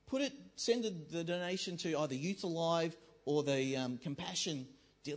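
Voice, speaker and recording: A man's voice: high voice, normal speed. A man giving a conversational sermon in a church, joking with the congregation and acting out the voices in people's heads. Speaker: pastor.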